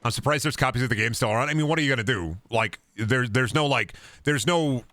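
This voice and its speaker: A hoarse man streaming a game, chatting casually in a rambling, profane way that keeps restarting. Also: mid-range voice, fast, sharp tone. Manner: rambling, profane, self-interrupting. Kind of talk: casual gameplay chat.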